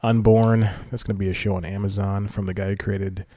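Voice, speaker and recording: A young man hosts a solo podcast in a low, mellow voice, wandering from thought to thought with self-mocking asides. The sound is dry and close with no room to it. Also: level tone, a little fast, no room sound. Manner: loose, self-deprecating, restarts sentences. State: slightly out of breath. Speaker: podcast host. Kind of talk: rambling solo podcast talk.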